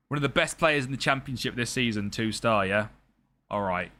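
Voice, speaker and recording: Young male streamer, bright forward tone, banters with chat while managing a team live. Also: mid-range voice, a little fast. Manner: chatty and jokey, talks to chat and game players. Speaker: game streamer. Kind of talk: live-stream game commentary chatting with viewers.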